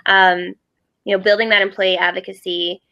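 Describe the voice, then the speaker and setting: A woman's voice: medium pitch, little pitch movement, moderate pace, bright, forceful tone, dull audio. A woman guest in a casual panel chat, talking chattily and thinking aloud with lots of fillers.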